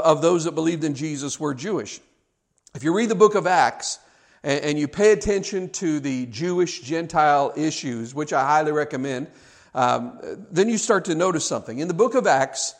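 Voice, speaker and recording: A male pastor preaching a sermon, earnest and full of rhetorical questions, often restarting his words. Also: fairly high pitch.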